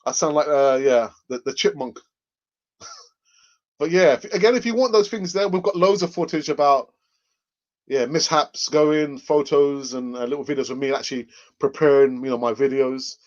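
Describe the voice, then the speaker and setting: Male live-stream host, joking and chatty, slightly high voice, muffled lo-fi mic sound. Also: moderate pace. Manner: jokey, laughs often, reads out viewer comments. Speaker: host of a live fan channel. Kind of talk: casual live-stream chat. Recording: dull lo-fi microphone sound.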